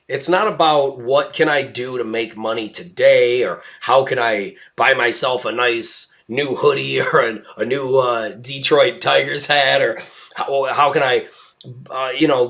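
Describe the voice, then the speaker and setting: A man's voice: mid-range voice, a bit bright. A young adult man hosting a podcast, talking through a casual monologue in a rambling, emphatic way with frequent restarts. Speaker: podcast host. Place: at home with his dog.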